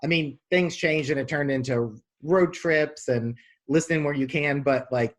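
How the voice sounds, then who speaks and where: Halting, enthusiastic male podcast host. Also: fairly high pitch. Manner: enthusiastic, halting, many fillers. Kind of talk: casual interview chat.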